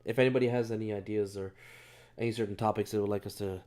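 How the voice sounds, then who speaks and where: A man's voice: lowish voice, fairly even intonation, fast talker, a crowd in the background. A man co-hosting a casual chat, laid-back, laughing often and swearing casually. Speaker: co-host.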